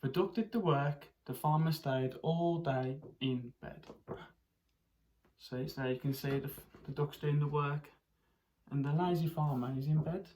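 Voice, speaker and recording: A primary school teacher reads a picture book to young children at a middle pitch, with a faint hiss in the background. The teacher stops often to ask the children questions and gives the characters and animals expressive voices. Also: unhurried.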